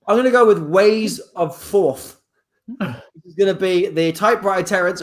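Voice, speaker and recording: A man's voice: high voice, measured pace, pauses often. A man hosting an improvised comedy livestream, reading out suggestions in a playful, rambling way. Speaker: improv show host.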